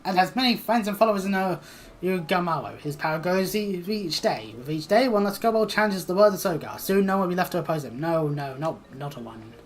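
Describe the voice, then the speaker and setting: A woman's voice: on the low side, expressive, a little fast, slight background noise, lightly acted. A woman voicing a whiny, cowering male kobold underling who wails and repeats his words in anxious triplets. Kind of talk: reading game dialogue aloud.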